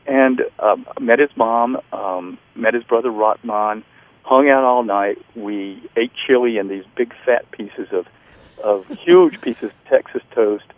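A middle-aged man calls in to a radio interview, his dry voice squeezed thin by a phone line. He tells his story earnestly and haltingly, restarting sentences and leaning on fillers. His voice sits at an ordinary middle pitch. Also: no room sound. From North Carolina. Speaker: author guest.

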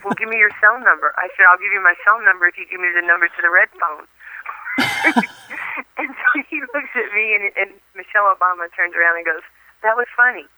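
A middle-aged woman from New York, a guest in an interview, telling lively stories and laughing often. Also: fairly low pitch, dry recording, rough recording. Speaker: interview guest, former athlete. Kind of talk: phone interview, storytelling.

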